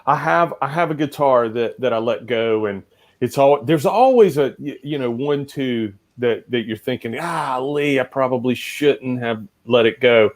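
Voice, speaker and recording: A man's voice: mid-range voice, normal speed. A man chatting as an interview guest, hesitant and meandering as he recalls an old guitar. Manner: hesitant, many fillers and restarts. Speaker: guest musician. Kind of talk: casual storytelling.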